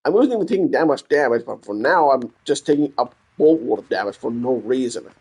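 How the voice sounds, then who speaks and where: A man's voice: medium pitch, lively intonation, a little fast, darkish tone, breathy edge. A man giving casual gameplay commentary as a let's play gamer, ranting and swearing in exasperation. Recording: game gunfire and noise behind voice.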